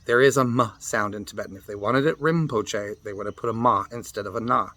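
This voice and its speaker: A man leads a mantra lesson in a middle-pitched voice, spelling out sounds and chanting slowly. The recording is dry and close, with almost no room sound. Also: fairly bright tone, no room sound. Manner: patient explainer, spells out pronunciations and chants the syllables slowly. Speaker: meditation teacher. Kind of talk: teaching mantra recitation.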